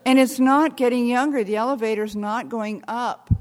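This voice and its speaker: An older American woman telling stories with wry humor, talking haltingly with many restarts. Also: on the high side, steady tone, in a large hall. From United States. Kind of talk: reflective storytelling talk.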